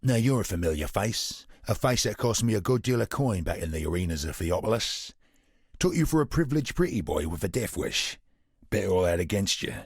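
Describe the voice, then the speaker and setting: An actor playing a gruff, sardonic male gambler in a video game, with a wry, husky drawl. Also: fairly low pitch, sing-song, a little fast, no echo, studio quality, heavily acted. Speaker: game character.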